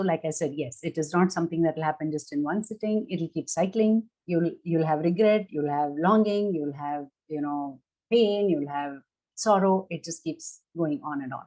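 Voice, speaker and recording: A middle-aged woman gives a reflective talk as a therapist, her voice sitting a little low and sounding mellow and relaxed. She explains patiently, pausing on fillers and repeating words as she gathers her thoughts. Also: rough recording. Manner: measured, warm-toned explaining with frequent fillers and restarts.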